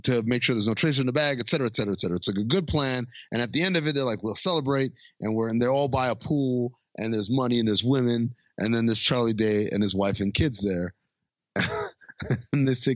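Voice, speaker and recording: A man's voice: medium pitch, fairly quick, dry recording, muffled recording. A man co-hosting a podcast, casually recapping a film scene by scene and quoting its lines. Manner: retells scenes with quoted lines, frequent restarts. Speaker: podcast co-host. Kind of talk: casual movie recap chat.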